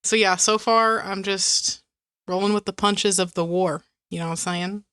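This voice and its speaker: A woman's voice: medium pitch, steady tone, moderate pace, a bit bright, no room sound, studio quality. A young woman co-hosting a podcast, talking casually and earnestly about a book, filling her speech with "like" as she goes. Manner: chatty, lots of "like" fillers, earnest. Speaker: podcast co-host.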